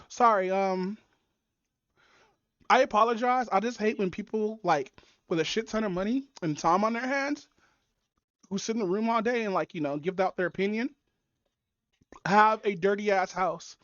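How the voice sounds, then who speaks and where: A woman's voice: medium pitch, normal speed, pauses often, no echo. A woman streamer chatting casually while reacting to videos, swearing often and rambling with many fillers. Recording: dull, dry muffled audio.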